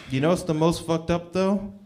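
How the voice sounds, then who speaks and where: A young man doing a stand-up set at an open mic, with a loose, halting delivery full of ums. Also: high voice, background noise. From Canada. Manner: laid-back, halting delivery with many ums. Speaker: stand-up comedian. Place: small comedy venue with a live audience.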